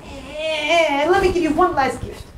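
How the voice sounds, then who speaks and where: A woman's voice: high-pitched, a little slow, roomy sound, background noise. A woman putting on a blunt old mother. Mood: bossy. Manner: blunt, broken English, scolding. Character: pushy old Hungarian mother, blunt and fussy.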